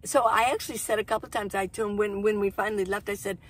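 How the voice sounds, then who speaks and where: A woman's voice: medium pitch, steady tone, quick pace, husky. A woman in her sixties, a van-life vlogger, casually telling a story to camera in a chatty, rambling way, acting out what people said. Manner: chatty, rambling, acts out quoted dialogue.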